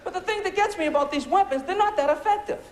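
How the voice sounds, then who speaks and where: A man's voice: very high-pitched, fast talker, a little hiss or hum. A man doing a biting, sarcastic stand-up routine, firing off punchy rhetorical questions before a laughing audience. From United States. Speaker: stand-up comedian. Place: comedy club stage before a laughing audience.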